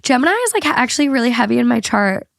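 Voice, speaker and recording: A woman's voice: a little high, rapid-fire, vocal fry, no echo, clean studio sound. A woman hosting a podcast in casual chat, congested and stuffy, talking emotionally and swearing casually. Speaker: podcast host.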